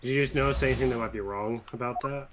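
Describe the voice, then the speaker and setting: A man's voice: mid-range voice, steady tone, fast talker, noisy background. A man playing a game with friends on a stream, chatting casually and tending to repeat himself when caught off guard. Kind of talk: casual chat.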